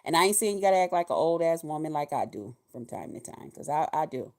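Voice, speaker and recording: A woman in her fifties talking casually in a vlog, animated and profane, laughing often. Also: low voice, fast talker. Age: 50s. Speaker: vlogger.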